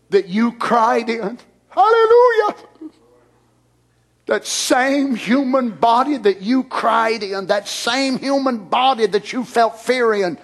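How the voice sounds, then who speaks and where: A man preaching and praying in a sermon, moving from hushed whispers to loud shouts. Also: sits high. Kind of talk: sermon prayer.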